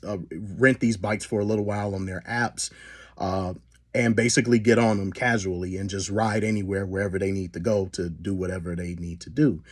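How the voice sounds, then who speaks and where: A man's voice: fairly low pitch, breathy edge. A man hosting a solo commentary podcast, talking with many fillers and restarts. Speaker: podcast host.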